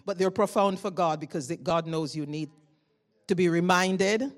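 A woman preaching a sermon in a loud, fervent way, telling stories in a conversational tone that climbs into emotional bursts. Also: lowish voice, unhurried.

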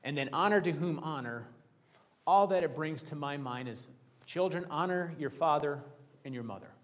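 A man's voice: fairly high pitch, normal speed, fairly bright tone. Middle-aged man preaching a conversational sermon. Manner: conversational, with personal stories and scripture quotes. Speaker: pastor.

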